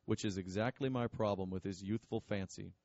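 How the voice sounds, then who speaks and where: A man voicing a stern, pompous wealthy father who speaks in a gruff, curt and scornful way. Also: on the low side, fairly quick, darkish tone, no room sound, lo-fi sound, close to an everyday voice.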